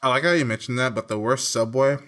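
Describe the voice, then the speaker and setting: A man co-hosting a casual podcast, cracking dry, low-key jokes. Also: quick pace. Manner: dry, quietly joking. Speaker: podcast co-host. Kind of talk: casual chat.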